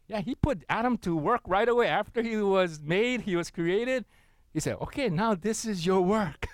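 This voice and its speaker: Animated high-voiced male preacher. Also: no echo, studio quality. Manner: animated, calls for congregation responses, often repeats words. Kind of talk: sermon.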